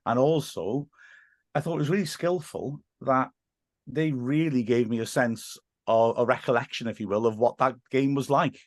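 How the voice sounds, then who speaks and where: A man with a Welsh accent, a guest on a podcast, chatting casually and telling animated stories with frequent restarts. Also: medium pitch, moderate pace, dry recording, studio quality. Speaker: podcast guest, football commentator. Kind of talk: casual chat.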